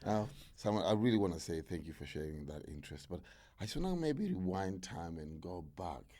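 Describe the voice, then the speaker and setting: A male podcast host with a very low voice that still moves around a lot in pitch. He keeps the chat casual, nodding along with quick agreeing words and easy laughs. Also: animated, mellow.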